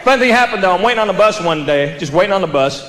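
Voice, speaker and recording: This American comedian, speaking in a Southern accent, spins drawling tales on stage and chuckles at his own jokes in front of a live crowd. He talks in a high, expressive voice, rapid-fire and a bit bright. Laughter from the audience and background noise fill the roomy theater recording.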